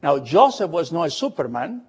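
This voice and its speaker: A man preaching a sermon and retelling a Bible story in a lively storytelling way, often asking the congregation questions. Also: on the high side, normal speed, slightly rough, lo-fi sound.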